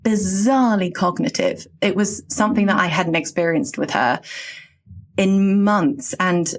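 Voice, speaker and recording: A woman from England in her late thirties, talking in an earnest, reflective and halting way on a casual podcast. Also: medium pitch. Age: late 30s.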